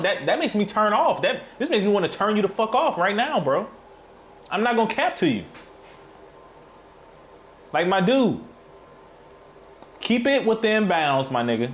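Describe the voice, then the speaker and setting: A man's voice: high voice, slight background noise. A man streaming his reaction to wrestling clips, talking in blunt, heated, slangy trash talk full of cursing. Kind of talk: profane reaction commentary.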